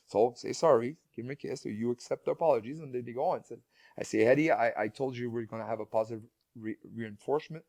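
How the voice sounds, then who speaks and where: A man's voice: medium pitch, fast, creaky, darkish tone, no echo. A man who is a guest speaker and parent, telling stories in a casual interview with many restarts and repeated words.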